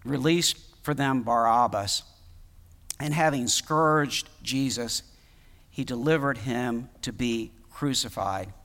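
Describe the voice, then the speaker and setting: A man preaching a sermon, reading scripture aloud and breaking off to comment in a conversational way, now and then rising to loud emphasis. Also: mid-range voice, takes it slowly, big-room sound. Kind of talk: expository sermon.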